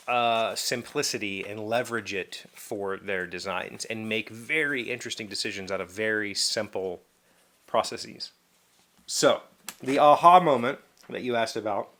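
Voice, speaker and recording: A man talking casually into the camera as he works at a task, easygoing and a bit rambling. His voice sits at an ordinary middle pitch, and he restarts his sentences often, with plenty of ums. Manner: rambling, relaxed, many fillers and restarts. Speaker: host of a daily video show. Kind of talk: casual chat while working.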